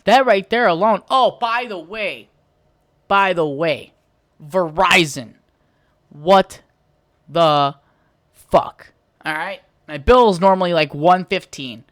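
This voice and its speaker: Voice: mid-range voice, slow pace, long pauses, a bit bright, no echo, studio quality. Profane, heated solo podcast rant. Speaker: podcast host.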